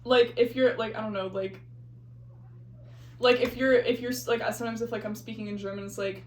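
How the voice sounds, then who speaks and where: Expressive, joking woman in echoey room. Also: on the high side, fairly quick, distant mic. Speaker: podcast co-host. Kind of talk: casual chat. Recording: echoey room with faint background noise.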